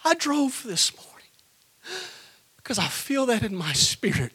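High, bright-voiced preacher man. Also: big pitch swings, moderate pace, long pauses, slightly rough. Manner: builds from quiet storytelling to shouted pleading, then drops to whispers. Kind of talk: Pentecostal sermon with personal testimony.

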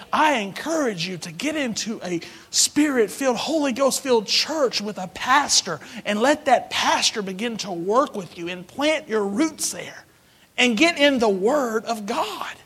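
A man's voice: sits high, pushed and bright, husky. A man preaching a sermon, building emphatic repetitions and leading the congregation in responses. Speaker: pastor.

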